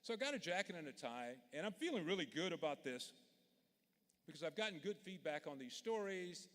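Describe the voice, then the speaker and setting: A man's voice: on the high side, big pitch swings, a little fast, a bit bright. Man in an arena. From Louisiana. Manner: folksy, earnest, direct. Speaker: commencement speaker. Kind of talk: commencement speech, storytelling. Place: large indoor arena. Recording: long reverb of a big arena.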